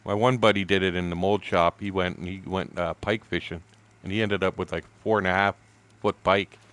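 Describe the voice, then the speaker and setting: An older Canadian man in his sixties, telling stories in a rambling, profane way while he plays. His voice sits on the low side, and he laughs easily between his tangents. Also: fairly even intonation, a little fast, fairly bright tone. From southern Ontario, Canada. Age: 60s. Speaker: gaming streamer. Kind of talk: casual storytelling while gaming.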